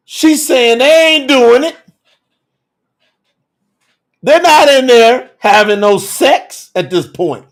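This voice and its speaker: A man teaching scripture on a livestream in an animated, colloquial way, laughing often and calling out viewers by name. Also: high-pitched, slow pace, long pauses. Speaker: bible teacher.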